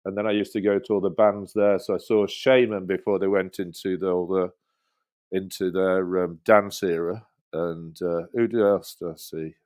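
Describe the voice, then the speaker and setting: Low-voiced man telling rambling stories. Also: level tone, moderate pace, a little mellow. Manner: rambling storyteller, many restarts and laughs. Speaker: guest. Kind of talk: casual chat.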